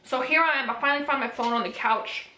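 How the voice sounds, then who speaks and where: A woman's voice: high-pitched, fast talker, pushed and bright, slight background noise. A young woman vlogger telling a personal story to camera, candid and emotional, swearing freely. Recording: roomy echoey room.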